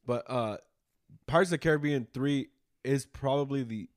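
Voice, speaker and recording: A man co-hosting a podcast, talking about movies in a rambling, animated way with a lot of swearing. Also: medium pitch, normal speed. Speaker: podcast co-host. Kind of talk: casual chat.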